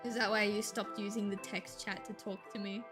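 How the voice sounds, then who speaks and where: A woman's voice: medium pitch, level tone, moderate pace, music in the background. A woman streamer chatting casually while she plays, thinking aloud and swearing now and then. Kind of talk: casual gameplay stream chat.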